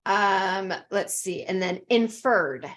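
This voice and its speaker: Slow, encouraging woman teaching pronunciation. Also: mid-range voice, fairly bright tone. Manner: encouraging, models words slowly and deliberately. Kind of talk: online pronunciation lesson.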